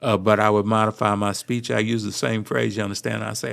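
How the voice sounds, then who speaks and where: A man from Los Angeles, a visiting linguistics professor, telling his story in a measured, articulate podcast interview. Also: lowish voice, flat delivery, creaky, a bit bright. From Los Angeles, USA. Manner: measured, articulate academic delivery.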